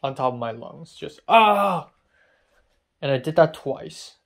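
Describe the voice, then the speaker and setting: A man's voice: mid-range voice, moderate pace, gravelly. A young man talking straight to camera in a casual vlog, ranting with frustration and swearing freely. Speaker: vlogger.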